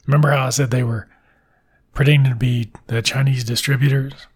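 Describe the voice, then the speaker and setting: A man's voice: mid-range voice, little pitch movement, fairly quick, breathy edge. A man casually recapping a film plot in a rambling, profane, wisecracking way.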